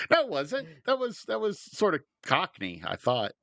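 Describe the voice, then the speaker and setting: A man's voice: high-pitched, huge pitch swings, measured pace, creaky, fairly bright tone, dry recording. A man co-hosting a comedy podcast, reading out news stories and laughing easily. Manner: laughs easily, reads headlines aloud. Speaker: podcast co-host.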